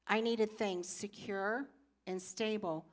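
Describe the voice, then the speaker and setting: A woman's voice: mid-range voice, steady tone, slow pace. An older woman speaking in church, teaching through personal stories and acting out her own past reactions. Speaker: pastor's wife teaching.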